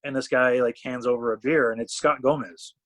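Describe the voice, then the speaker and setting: A man from Canada, a talent management CEO, chatting as a podcast guest and telling animated stories where he acts out what people said. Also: mid-range voice, fairly quick. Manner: animated storyteller, acts out quotes. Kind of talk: casual storytelling chat.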